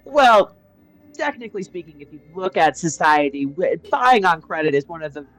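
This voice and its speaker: A woman's voice: on the low side, very animated, moderate pace, faint music behind, low-quality recording. A woman playing her character in a tabletop game, rambling and chatty, full of filler words. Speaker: player.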